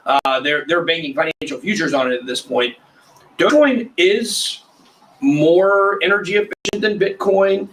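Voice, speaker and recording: Man hosting a roundtable, fairly high voice, sits back from the mic, jokey. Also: normal speed, fairly bright tone, distant mic, rough recording. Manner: jokey, interrupts with puns. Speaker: host. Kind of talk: casual roundtable chat.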